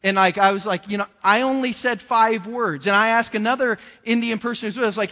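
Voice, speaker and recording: A man preaching a sermon with a fairly high voice, talking to the congregation like a conversation and pushing up into emotional emphasis. His voice rings out with a long reverb trailing behind it. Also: a little fast, few pauses, bright, forceful tone.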